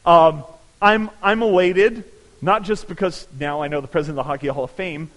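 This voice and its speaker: A man's voice: fairly high pitch, moderate pace, a bit bright. A man from California preaching a sermon, telling a story with animation and building to emphatic peaks. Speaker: pastor. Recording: long hall reverb.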